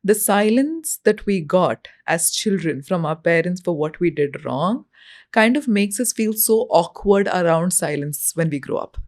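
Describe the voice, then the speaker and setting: A woman's voice: on the low side, expressive, a little slow, darkish tone. A woman hosting an interview, a therapist who reflects thoughtfully and agrees with her guest. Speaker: host, holistic therapist. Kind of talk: interview conversation.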